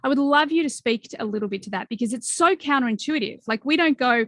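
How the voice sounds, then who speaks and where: A woman's voice: fairly high pitch, fast talker, fairly bright tone, no room sound. A woman in her forties hosting a podcast interview, talking in an earnest, reflective way with plenty of fillers. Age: 40s. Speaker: podcast host. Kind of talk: conversational interview.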